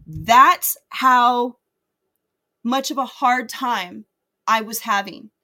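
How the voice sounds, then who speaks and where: A woman's voice: a little high, extremely slow, pushed and bright. A woman in her thirties earnestly telling a personal faith story to her viewers, confiding and unpolished, with many fillers and restarts. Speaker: faith vlogger.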